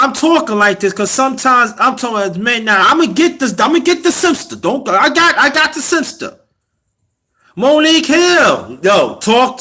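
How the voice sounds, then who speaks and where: A man's voice: sits high, sharp tone. A man hosting a casual livestream, preaching relationship advice to his chat and dropping to a whisper for emphasis. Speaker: livestream host.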